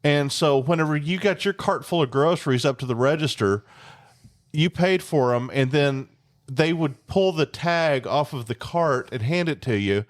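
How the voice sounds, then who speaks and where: A man's voice: a little high, moderate pace. A man co-hosting a casual podcast chat, rambling with fillers and casual cursing. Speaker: podcast co-host.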